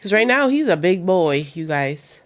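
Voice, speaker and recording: A woman's voice: lowish voice, moderate pace. A pregnant woman in her thirties, co-hosting a podcast in casual chat and acting out quoted lines as she tells a family story. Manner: animated storyteller, acts out quotes. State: heavily pregnant. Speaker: podcast co-host.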